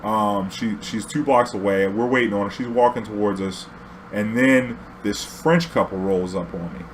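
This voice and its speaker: A man's voice: on the low side, moderate pace, slight background noise. A young man, a taxi driver, telling a casual story in a rambling, profane way and laughing often.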